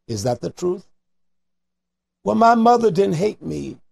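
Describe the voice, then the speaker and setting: Fiery gravelly-voiced male radio preacher. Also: big pitch swings. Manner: fiery, rising to near-shouts, then dropping low and slow; mixes Hebrew terms into scripture reading. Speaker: radio preacher taking calls. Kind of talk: call-in radio sermon.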